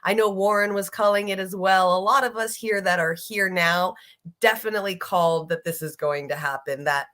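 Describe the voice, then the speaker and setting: A woman's voice: mid-range voice, normal speed, a bit bright. Profane, exasperated woman ranting casually. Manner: blunt, profane, exasperated, reads chat aloud. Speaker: streamer host. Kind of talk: casual political livestream chat.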